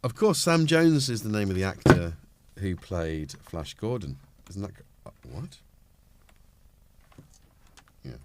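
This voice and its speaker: A man's voice: on the low side, huge pitch swings, unhurried, long pauses, slight background noise. A middle-aged man with a cold, chatting casually on a live stream as he fiddles with his gear, rambling and poking fun at himself. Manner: rambling, self-mocking, talks while tinkering. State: has a cold. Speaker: livestream host.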